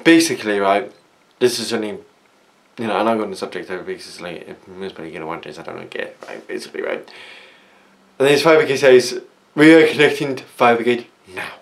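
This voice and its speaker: A man's voice: on the low side, expressive, fast, gravelly. A young man, vlogging in a rambling, casual rant that keeps circling back with filler phrases. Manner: rambling, repeats "basically" and "it's like".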